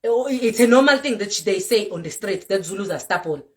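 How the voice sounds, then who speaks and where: A woman's voice: medium pitch, lively intonation, a little fast. A South African woman with a Zulu accent, a vlogger giving a fiery, scolding rant to camera, repeating herself for emphasis. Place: Europe.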